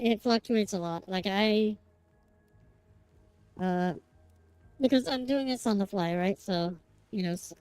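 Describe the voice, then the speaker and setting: Mellow-voiced woman streamer, accent wanders. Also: mid-range voice, dry recording, low-quality recording. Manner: slips between accents when narrating; rambling and self-conscious. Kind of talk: reading game narration and chatting.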